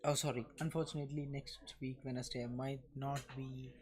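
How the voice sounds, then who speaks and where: A man hosting a live trading stream, talking briskly and asking his co-host questions. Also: mid-range voice, flat delivery, slight background noise. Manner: brisk, asks questions, repeats himself. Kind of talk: casual chat.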